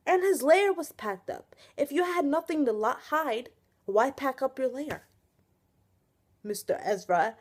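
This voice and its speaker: A woman's voice: sits high, animated, slow pace, pauses often. Exasperated young woman ranting. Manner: angry, exasperated, frequent sighs and swearing. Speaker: vlogger reviewing a TV episode. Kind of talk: casual ranting vlog. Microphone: webcam or built-in camera mic.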